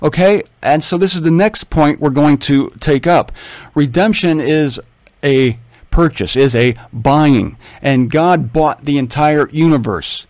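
A man's voice: a little high, unhurried, no echo. Chatty, wry male Bible teacher. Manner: chatty, wry asides, animated.

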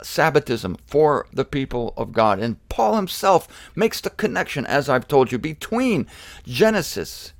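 A man's voice: fairly high pitch, very animated, a little slow, vocal fry, no echo. A man giving a casual Bible lecture, reading quotes and breaking off for joking, self-deprecating asides. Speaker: Bible teacher.

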